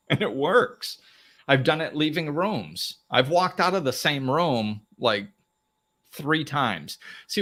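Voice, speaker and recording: Bright-voiced man hosting a live talk. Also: mid-range voice. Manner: animated, acts out little dialogues, plain-spoken. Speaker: host.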